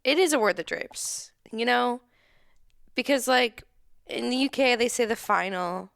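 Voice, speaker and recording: Gravelly-voiced woman co-host, dry wit. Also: a little high, fairly bright tone, no echo. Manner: dry, playful, quick comebacks. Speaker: podcast co-host. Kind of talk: casual chat.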